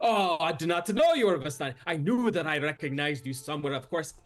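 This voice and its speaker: A man voicing a jovial, boisterous middle-aged traveler chieftain who gushes when excited. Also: a little high, a little fast, pitched above the performer's own voice.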